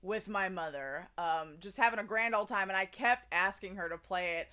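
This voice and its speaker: A woman's voice: mid-range voice, moderate pace, sharp tone, a little hiss or hum. A young adult woman chatting casually to her stream audience, rambling with many fillers and restarts. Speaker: streamer hosting a karaoke stream.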